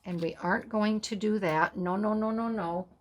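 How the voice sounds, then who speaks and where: A woman's voice: medium pitch, normal speed. A middle-aged woman hosting a casual crafting tutorial, chatting in rambling, self-amused asides as she works. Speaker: craft video host.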